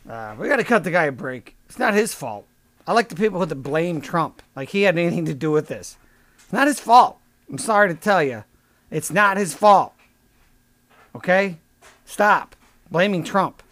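Male comic host: high-pitched, sarcastic, crude rambling rants, dry close sound. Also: lively intonation, normal speed, fairly bright tone, dry recording. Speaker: podcast host. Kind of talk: comedic rant.

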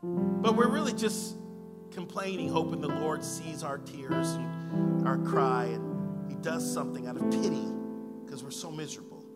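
A man preaching a sermon and telling a personal story. He swings from hushed, quiet lines to loud, excited ones. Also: fairly high pitch, a little slow. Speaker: pastor. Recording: long hall reverb under loud guitar music. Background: loud guitar playing.

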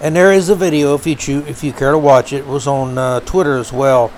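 A man's voice: medium pitch, steady tone, brisk, a little mellow, a little hiss or hum. A man hosting his own podcast, giving heated, indignant political commentary with frequent fillers and restarts. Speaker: podcast host.

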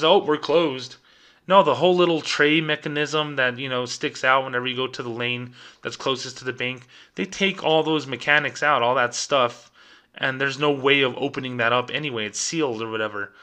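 A young man holds forth on his podcast in an exasperated rant. His voice is bright and edged, and his pitch sits in an ordinary middle range. He keeps breaking into short impressions of managers and customers. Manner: exasperated, acts out bosses and customers mid-rant. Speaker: podcast host. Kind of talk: ranting commentary.

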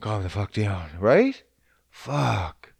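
A man hosting a podcast, talking in a crude, rambling, profane casual monologue, relaxed and smoking as he goes. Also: lowish voice, extremely slow, gravelly, slightly rough, no echo. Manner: laid-back, smoking while talking.

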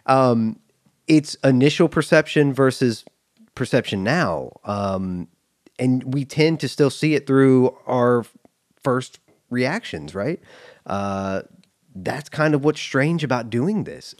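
A man's voice: mid-range voice, unhurried, dry recording, clean studio sound. A man co-hosting a casual movie podcast, laughing often, swearing freely and restarting his sentences. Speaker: podcast co-host.

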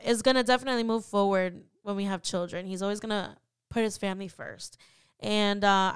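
A woman's voice: on the high side, fairly bright tone, clear, resonant tone, no echo, studio quality. A young woman hosting a podcast, telling a personal story in a heartfelt way that turns emotional at times. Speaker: podcast host.

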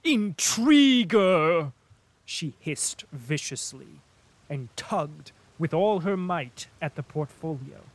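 A man narrating a classic novel as an audiobook in a measured, even reading. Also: fairly high pitch, husky, no room sound, rough recording.

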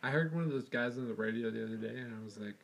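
A man chats casually in an even, mid-pitched voice. He tells his story with wry amusement. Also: racing, creaky. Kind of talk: casual chat.

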